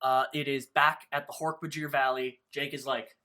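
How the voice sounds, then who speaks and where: Podcast co-host, casual book recap, bright tone, loose, swears, lots of fillers. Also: mid-range voice, level tone, moderate pace, few pauses. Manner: loose and profane, full of "like" fillers.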